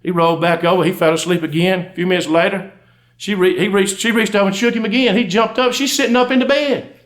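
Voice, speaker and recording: The country undertaker, a middle-aged man with a Southern drawl, delivers folksy jokes from a stage to a live audience, laughing at each punchline. He talks fast in a high voice with fairly even intonation.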